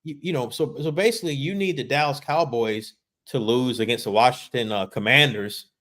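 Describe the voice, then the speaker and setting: This sports podcast co-host, a man joining by video call, talks fairly quickly with a mid-range, fairly bright tone. The show is casual, and he sounds emphatic and frustrated, repeating words frequently.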